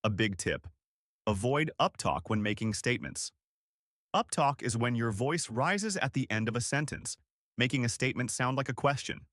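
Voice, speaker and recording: A man giving scripted instructional narration in a clear, deliberate coaching manner. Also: medium pitch, animated, fairly bright tone, dry recording, clean studio sound.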